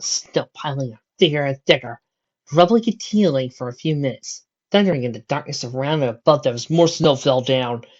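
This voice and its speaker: Low-voiced woman reading a storybook. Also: brisk, muffled recording. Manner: steady descriptive narration with occasional slips. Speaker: narrator. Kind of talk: fan fiction audiobook reading.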